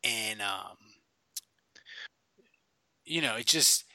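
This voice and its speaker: A man's voice: lowish voice, lively intonation, extremely slow, creaky, pushed and bright, dry recording. A middle-aged man from Louisiana telling rambling sports stories in casual chat, full of fillers and restarts. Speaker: podcast co-host.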